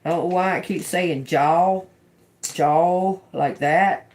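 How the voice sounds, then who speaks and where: A woman doing an intuitive tarot reading. She repeats channeled words slowly and quietly, then turns chatty when she explains them to viewers. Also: lowish voice. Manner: slow, murmured repetition of channeled words. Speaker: tarot reader.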